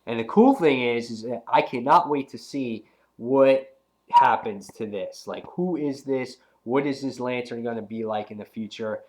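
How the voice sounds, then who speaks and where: A young man with a cold, reviewing a comic book in a rambling, slangy, excitable way. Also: medium pitch, normal speed. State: has a cold. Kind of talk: casual video review.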